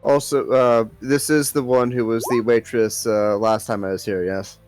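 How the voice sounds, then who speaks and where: A man playing a tabletop game, talking in a relaxed, hesitant way. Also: medium pitch, moderate pace, soft background music. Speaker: player. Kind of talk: tabletop role-play chat.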